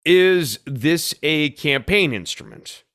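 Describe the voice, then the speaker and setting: A man's voice: fairly high pitch, animated, takes it slowly, fairly bright tone. Blunt, sarcastic male podcast host. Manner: blunt, sarcastic, thinking aloud with many fillers. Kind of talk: solo political commentary.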